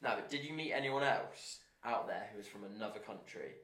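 A man in casual podcast chat who chimes in with quick questions and reactions. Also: on the low side, lively intonation, a bit bright, echoey room.

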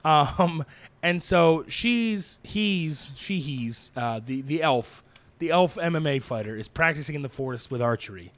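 A man on a casual podcast, explaining a story in halting bits and correcting himself. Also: on the high side, animated, fairly bright tone. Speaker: podcast co-host. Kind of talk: casual comedic recap.

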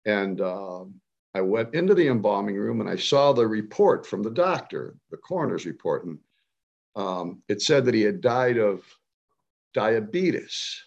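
A man's voice: sing-song, unhurried, vocal fry, lo-fi sound. Emphatic storytelling man in his seventies. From Cleveland area, United States. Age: 70s. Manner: emphatic, rising to a high pitch when stirred. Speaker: speaker on health and nutrition. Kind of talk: impassioned storytelling.

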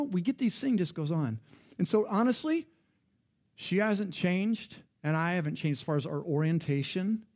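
A middle-aged male pastor preaching a sermon in a conversational, storytelling way, his voice jumping up and dropping low. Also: a little mellow, slightly rough. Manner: conversational, personal storytelling with sudden rises and drops in pitch and volume.

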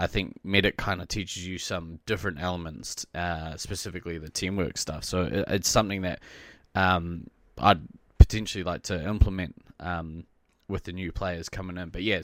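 A man co-hosting a podcast in casual chat, his voice a little rough from being sick, laughing often and rambling with many fillers. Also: low voice, steady tone, fairly quick, dry recording, clean studio sound. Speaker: podcast co-host.

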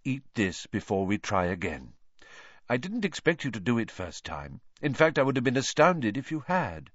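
A man doing a quiet, weary teacher. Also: mid-range voice, very animated, normal speed, no echo, highs cut off. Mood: gentle. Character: gentle, weary male teacher.

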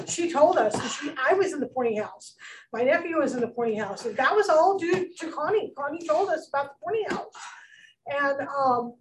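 A middle-aged woman giving a rambling personal tribute at a memorial, halting and full of restarts. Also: sits high. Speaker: speaker at a memorial. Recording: distant mic with faint background noise.

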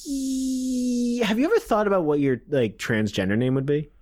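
A man's voice: fairly high pitch, huge pitch swings, fast talker. A man in his twenties co-hosting a comedy podcast, trading dry, teasing comebacks in casual chat. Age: 20s. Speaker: podcast co-host.

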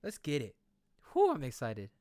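A man reacting to a new song in a casual, excitable, slangy way, thinking out loud as he listens. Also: medium pitch, moderate pace, no echo, studio quality. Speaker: music reaction vlogger. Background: music playing.

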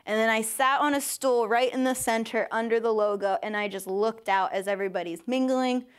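Speaking at a church service, a young woman with a fairly high voice shares a personal testimony with the congregation, openly emotional and at times near tears. Her delivery is brisk and smooth, and she imitates the people she quotes with sudden high leaps in pitch.

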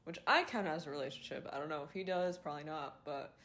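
A woman's voice: low-pitched, fast talker, fairly bright tone. Emotional young woman holding back tears. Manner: emotional, fighting back tears, swears casually. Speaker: podcast host. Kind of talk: confessional casual chat.

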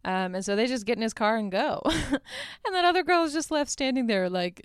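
A woman's voice: mid-range voice, moderate pace, smooth, dry recording, studio quality. A woman hosting a podcast and casually recapping a film, chatty and playfully crude, with frequent laughs and fillers, acting out bits of dialogue. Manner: chatty, laughs often, lots of "like" and "um"; playfully crude, acts out characters' lines. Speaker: podcast host.

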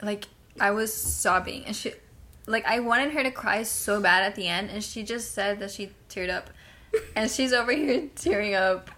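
A woman's voice: mid-range voice, normal speed, sharp tone. A young woman co-hosting a podcast in casual chat, laughing easily and leaning on "like". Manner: laughs easily, frequent "like" fillers. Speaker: podcast co-host.

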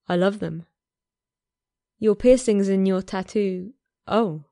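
A woman voicing a shy, gentle man who speaks softly and haltingly. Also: medium pitch, creaky. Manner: hesitant, soft, halting.

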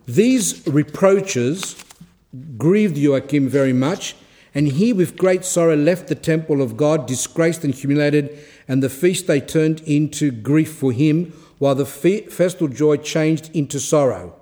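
A man with a mellow, fairly high voice gives a religious talk. He reads passages out slowly, then breaks off to explain them in quick asides. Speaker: Orthodox speaker giving a talk. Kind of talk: reading aloud and explaining a saint's life in a talk.

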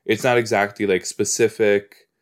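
A man's voice: fairly low pitch, flat delivery, normal speed. A man hosting a podcast, casually reacting while he watches a TV episode. He rambles, fills his talk with "like" and "you know", and repeats his exclamations. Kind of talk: casual watch-along chat.

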